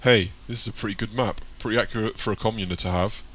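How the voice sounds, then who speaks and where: Man doing a calm tough gang leader. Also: on the low side, quick pace, slight background noise, close to an everyday voice. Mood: firm.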